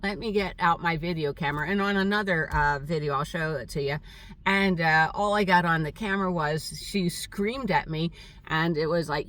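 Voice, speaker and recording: An older woman telling a rambling, halting story in a casual vlog monologue, with many fillers. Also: sits low, fairly bright tone, distant mic. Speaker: vlogger. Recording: voice set back from the mic.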